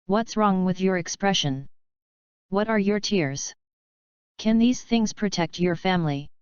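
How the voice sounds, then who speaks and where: A woman reading a hoarse gloating villain. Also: medium pitch, measured pace, a little mellow, no echo, dull audio, close to an everyday voice. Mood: taunting. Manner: taunting, gloating. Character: hoarse sneering male villain hypnotist. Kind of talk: audiobook reading.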